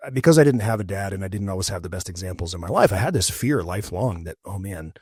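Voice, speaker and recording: A man's voice: low voice, animated, a little mellow, husky, dry recording, studio quality. A man hosting a podcast interview, talking in a reflective, personal way. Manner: reflective, personal, pauses to think. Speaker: podcast host. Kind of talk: casual interview chat.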